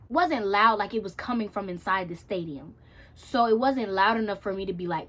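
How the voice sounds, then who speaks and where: A woman's voice: medium pitch, lively intonation, moderate pace, sharp tone, a little hiss or hum. A teenage girl telling a story to camera in a chatty, slangy way, acting out her own reactions and quotes. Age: teens. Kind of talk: casual storytime.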